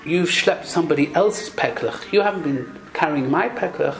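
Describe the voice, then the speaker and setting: A woman's voice: low voice, lively intonation, normal speed, vocal fry, soft background music, voice pushed down. A woman voicing a confident male businessman, explaining his reasoning point by point. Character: brisk male businessman, confident and sure of himself. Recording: echoey room.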